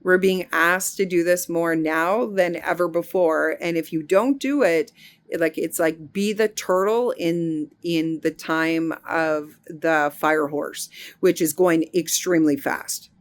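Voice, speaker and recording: A spiritual healing teacher, a middle-aged woman with a somewhat low voice and fairly even intonation, gives a reflective spiritual monologue. She is earnest and unhurried, often restarting phrases while searching for the right word.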